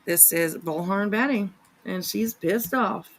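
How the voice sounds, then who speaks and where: A woman's voice: medium pitch, unhurried. A woman hosting a reaction commentary channel, chatting casually with plenty of fillers and sarcastic asides.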